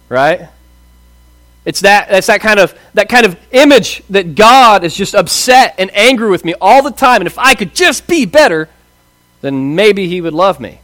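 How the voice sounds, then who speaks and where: High-voiced casual young pastor. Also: male voice, animated, normal speed, a bit bright, dry recording. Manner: casual, asks rhetorical questions, acts out quoted voices. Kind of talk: conversational sermon.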